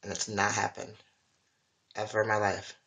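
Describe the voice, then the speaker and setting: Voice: deep voice, flat delivery, normal speed, pushed and bright. A livestreamer in a casual, rambling monologue, emotional and full of swearing. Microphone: webcam or phone mic.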